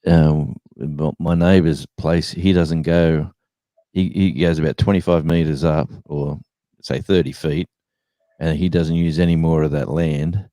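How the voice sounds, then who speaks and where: A man's voice: extremely low pitch, fairly even intonation, measured pace, warm tone, no room sound. A man with an Australian accent telling rambling stories in a casual live-stream chat, with plenty of fillers. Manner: rambling storyteller, many fillers.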